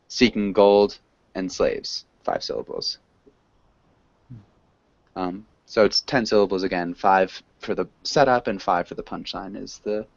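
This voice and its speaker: A man teaching a class, stopping often with ums as he explains. His voice sits a little low. The classroom recording sounds dull and lo-fi. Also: no echo. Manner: halting, explains slowly with many ums. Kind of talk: classroom reading discussion.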